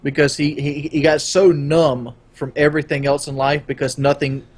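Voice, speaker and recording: A young man hosting a loose podcast chat, a touch higher in pitch than most. He rambles and restarts his sentences, gets animated and swears freely. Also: moderate pace. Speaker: podcast host.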